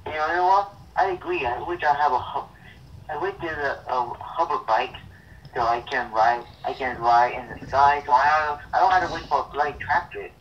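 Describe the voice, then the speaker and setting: A man's voice: on the high side, a bit bright, slight background noise. Young man on a muffled distant line. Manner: halting, repetitive, blunt opinions. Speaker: co-host. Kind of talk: casual chat.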